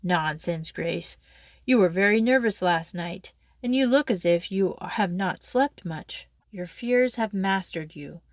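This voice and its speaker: Woman doing a stern older dad, low and firm, dry close sound. Voiced by a woman reading the story aloud, he brushes off his daughter's pleas with quiet authority. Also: animated, a little slow, no echo. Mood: dismissive. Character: stern cautious father, older lighthouse keeper.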